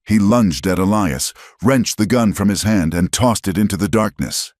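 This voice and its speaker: A man's voice: on the low side, normal speed, a little mellow, no room sound, clean studio sound. A man narrating a western story in a dramatic, scripted way.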